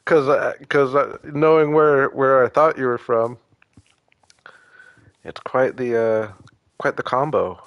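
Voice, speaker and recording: A man talks easily to his viewers during a gaming stream. His delivery is loose and teasing, broken by small pauses and fillers. His voice sits at an ordinary middle pitch. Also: dry recording, highs cut off. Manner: relaxed, joking, hesitant with fillers. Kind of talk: casual live-stream chat with viewers.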